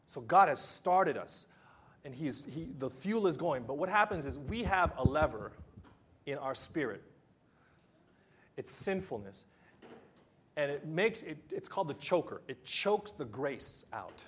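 A man preaching a sermon as pastor, emphatic, with long pauses, building to loud peaks and then dropping low. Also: big pitch swings, husky. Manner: acts out simple illustrations with sound effects.

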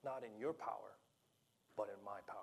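A man preaching a sermon to a congregation, animated and playful, acting out the dialogue of the scripture story with laughs and asides. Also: on the low side, a little fast, creaky, husky. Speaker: pastor.

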